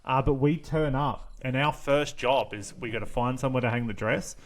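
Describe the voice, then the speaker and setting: A man's voice: medium pitch, normal speed. Blunt Australian male podcast host. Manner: blunt, swearing, plain-spoken. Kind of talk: casual interview.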